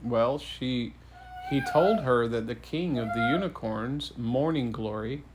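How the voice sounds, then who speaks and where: A man improvising a playful bedtime story for his child, unhurried and full of puns. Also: mid-range voice, noisy background. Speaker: parent telling a bedtime story.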